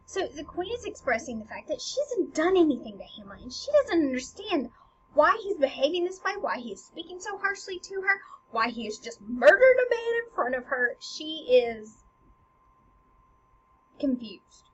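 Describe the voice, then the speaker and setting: A woman teacher casually explaining a play with lively, chatty talk. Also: sits high, normal speed, muffled recording, a little hiss or hum. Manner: lively, casual, with fillers and acted quotes.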